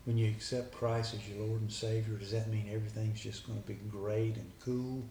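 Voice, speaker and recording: A man's voice: on the low side, level tone, fairly quick, gravelly, warm tone, far from the mic, slight background noise. A man, a guest earnestly retelling a conversation line by line. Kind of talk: personal storytelling. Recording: echoey room with faint background ambience.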